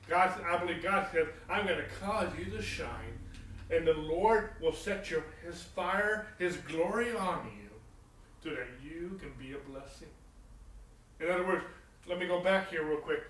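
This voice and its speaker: A man preaching a sermon, swinging from emphatic peaks to low, soft lines and often asking "okay?" of his listeners. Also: roomy sound, recorded from a distance, low-quality recording. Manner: repeats phrases, asks the congregation "okay?".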